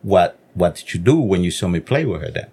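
A man's voice: sits low, animated, a little fast, a loud crowd. A man co-hosting a podcast, chatting casually and telling a loose story full of fillers and quoted asides. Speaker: podcast co-host. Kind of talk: casual chat.

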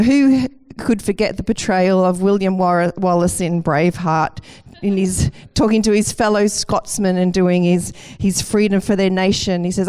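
A woman's voice: medium pitch, a little mellow, clear, resonant tone. A woman preaching a sermon with enthusiasm and a light self-deprecating humour.

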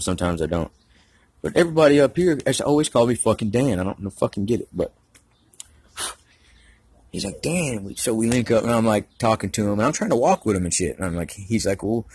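A man's voice: lowish voice, darkish tone, husky, dry recording. A man from Georgia, rambling through a casual, profane story. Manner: rambling, heavy profanity, slangy.

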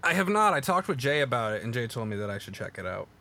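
A man's voice: mid-range voice, very animated, quick pace, sharp tone. A young man co-hosting a podcast, talking earnestly in casual chat and defending his opinions with stammered restarts. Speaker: podcast co-host.

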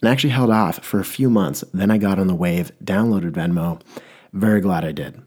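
A young man with a low, husky voice, delivering a comedic rant. He rambles and breaks off mid-sentence to restart his thoughts. The whole thing has a mock-earnest, playful tone. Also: a little fast, a little mellow.

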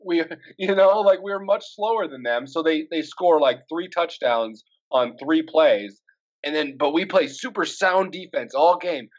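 A man's voice: a little high, measured pace, lo-fi sound. A man from Wisconsin co-hosting a casual sports podcast, ranting with swearing and exasperation. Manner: animated, swearing, rising to exasperated rants. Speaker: podcast co-host.

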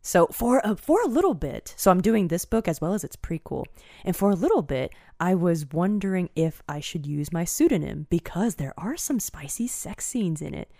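A woman chatting casually as a podcast guest, quick to laugh, talking about narrating audiobooks. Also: on the low side, vocal fry, no room sound, clean studio sound. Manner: giggly, animated, quick to laugh. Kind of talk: casual chat.

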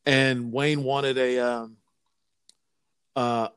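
Chatting casually as a podcast co-host, this man rambles, hesitating and using many fillers. He talks very slowly in a mid-range voice with little pitch movement, and his tone is fairly bright, clear and resonant. There's no room sound, just clean studio audio.

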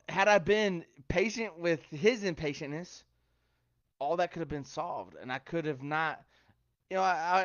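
Man, slightly high voice, casual joking devotional host, dry lo-fi sound. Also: fairly bright tone, no echo. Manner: chatty, joking, quotes scripture. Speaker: online devotional speaker. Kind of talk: casual devotional livestream talk.

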